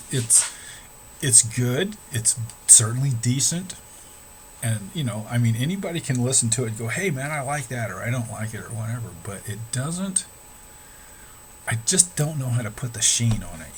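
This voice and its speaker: A man's voice: medium pitch, slight background noise, poor audio. A middle-aged man, an amateur musician, talking casually and candidly, swearing freely and rambling with restarts. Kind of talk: casual talk to camera.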